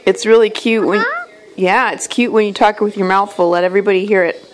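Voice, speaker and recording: A woman chatting casually and affectionately to her pet bird on camera, coaxing and praising it in a soft voice. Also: mid-range voice, steady tone, a little fast, slight background noise. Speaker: pet owner vlogger.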